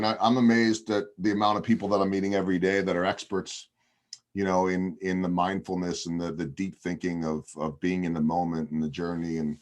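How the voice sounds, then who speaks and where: A low-pitched man who works as a television broadcaster tells a long story on a video podcast over a video call. He's chatty, with frequent ums and restarts.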